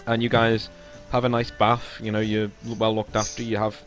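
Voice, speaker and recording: Guy GMing a tabletop game, lowish voice, lots of uhs, faint music behind. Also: monotone, normal speed. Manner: hesitant, many fillers and restarts. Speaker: game master.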